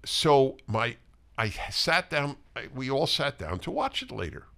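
An older man co-hosts a casual talk show, his voice lively and swinging widely in pitch. He tells stories with a bright, forceful edge, often restarting and repeating his words as he goes. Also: a little slow, creaky. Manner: animated storyteller, frequent restarts and repetitions. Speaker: co-host.

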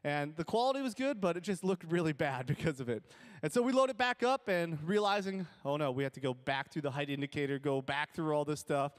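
High-voiced joking young pastor. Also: male voice, a little fast. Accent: Upper Midwest American. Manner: animated, joking storyteller who laughs at his own jokes. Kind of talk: sermon with storytelling.

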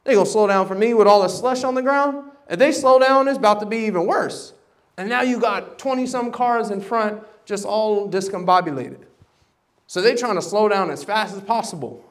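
High-voiced preacher man telling a story. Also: moderate pace. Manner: animated, acting out quoted voices, swings from loud to hushed. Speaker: pastor. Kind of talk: sermon storytelling. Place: church service.

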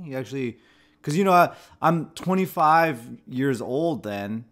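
A man's voice: mid-range voice, expressive, moderate pace, a bit bright. Male host, 30s, medium voice, reflective first-person storytelling with frequent self-corrections. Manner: reflective and conversational, often restarting phrases. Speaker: host of a channel about anxiety. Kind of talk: personal story told to camera.

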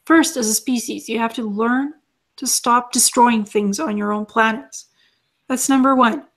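A woman channeling as an alien being, calmly teaching and repeating her lessons as numbered lists. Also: a little high, unhurried.

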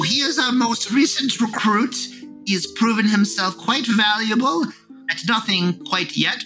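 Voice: medium pitch, sharp tone, rough recording. A player voicing a sly old witch called Granny, delivering dry understatement.

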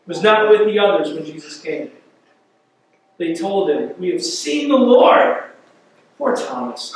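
Animated high-voiced pastor in an echoey church. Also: male voice, vocal fry, a little hiss or hum. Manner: animated, acts out quotes, conversational asides. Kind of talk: sermon. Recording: echoey church hall from far off.

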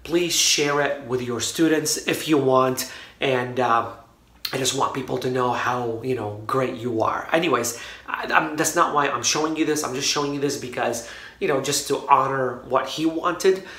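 A man speaks to his viewers from his office in a loose, rambling way, full of fillers and restarts. His voice is bright and forward. The room adds a noticeable echo around him. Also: mid-range voice, normal speed. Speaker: online marketing vlogger. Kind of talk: casual vlog talk to camera. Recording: roomy echo.

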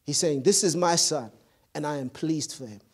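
A man's voice: a little high, normal speed, breathy edge. A man preaching a sermon as pastor, with a repetitive, emphatic cadence and occasional stumbles over words. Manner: stumbles and repeats words when searching.

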